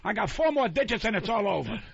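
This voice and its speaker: A man's voice: sits high, sing-song, fast, gravelly, crowd noise. An older man, a guest comedian on a radio talk show, ranting in a hostile, profane, combative way. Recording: muffled radio broadcast.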